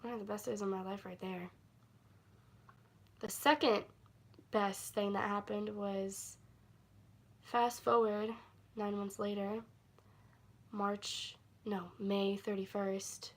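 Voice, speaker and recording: A woman's voice: mid-range voice, level tone, slow pace, pauses often. A woman chatting through a casual story-time livestream, rambling and giggling, with lots of fillers. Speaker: livestream host.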